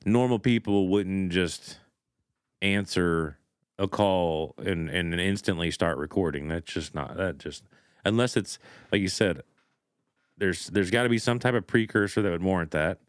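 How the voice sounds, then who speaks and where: Deep-voiced male podcast co-host. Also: measured pace, smooth, dry recording, clean studio sound. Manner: relaxed, speculative, uses "like" often. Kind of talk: casual chat.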